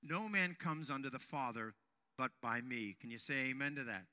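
A man preaching a sermon to young men, telling a personal story and raising his voice to a shout at dramatic moments. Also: mid-range voice, expressive, moderate pace, background noise. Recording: long hall reverb.

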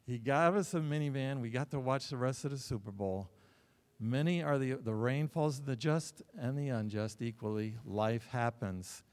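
A middle-aged man preaches in a church, his mid-pitched voice carried by a long hall reverb. He tells stories animatedly, breaking into loud bursts and quick joking asides. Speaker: pastor. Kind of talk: sermon. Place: church sanctuary.

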